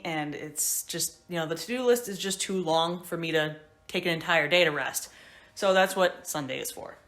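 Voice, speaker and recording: A woman's voice: fairly low pitch, fairly bright tone. Chatty woman vlogging in an echoey shop. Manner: chatty, upbeat, rambling asides. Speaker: woodworker vlogger. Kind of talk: casual vlog diary. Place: woodworking shop.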